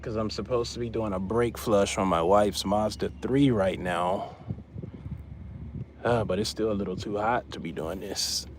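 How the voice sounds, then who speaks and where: A man's voice: on the low side, fairly even intonation, a little slow, a little hiss or hum. A man chatting casually on a livestream while he works on a car as a part-time mobile mechanic, repeating himself for emphasis.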